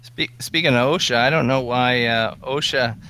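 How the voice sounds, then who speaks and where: A man in his forties chatting on a radio roundtable, easygoing and hesitant with many pauses. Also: mid-range voice, sharp tone, clean tone. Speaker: roundtable guest. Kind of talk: casual radio roundtable chat.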